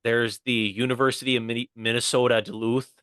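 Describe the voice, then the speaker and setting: Young American man, podcast co-host, bright tense tone, dry sound, playful banter. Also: medium pitch, little pitch movement, brisk, smooth, dry recording. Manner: joking, playful, fond of silly voices. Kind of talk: casual comedy podcast chat.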